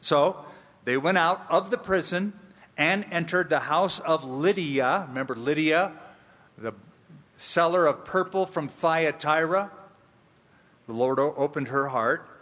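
A man preaching an expository sermon, emphatic and slow, with playful asides. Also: on the high side, fairly bright tone, long reverb tail. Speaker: pastor.

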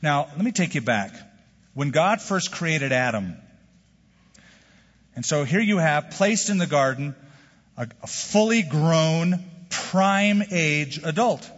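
A man preaching a sermon as a pastor, animated and asking the congregation rhetorical questions. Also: on the high side, slow, long pauses. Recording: dull sound with long hall reverb.

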